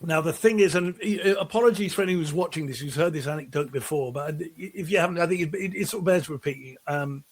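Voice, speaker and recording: Talking fast with barely a pause, a middle-aged musician guest on an interview show has a fairly high, slightly rough voice. His relaxed, chatty delivery features long, lively anecdotes that meander and frequently restart mid-sentence.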